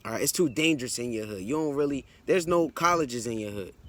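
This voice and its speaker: His voice is mid-range and brisk with lively intonation as he teaches the Bible in a blunt, chatty preaching manner. He reads verses out loud, unpacks them, and repeatedly checks in with listeners using "all right" and "man."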